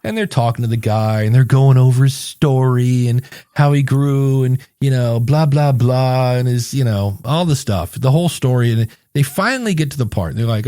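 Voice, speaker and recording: A man's voice: medium pitch, brisk, dark tone, no echo. Chatty male podcast coach, dry mic. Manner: rambling storyteller, acts out quoted voices. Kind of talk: casual podcast chat with sponsor reads.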